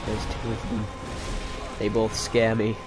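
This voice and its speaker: A man's voice: on the low side, completely flat delivery, unhurried, music in the background. Self-mocking man streaming a game. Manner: self-deprecating, chatting with viewers by name. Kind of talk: casual live-stream commentary while gaming.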